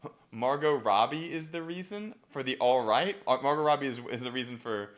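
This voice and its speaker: A man's voice: mid-range voice, expressive, a little fast. A man hosting a casual chat that reviews standup comedy, laughing often and repeating himself.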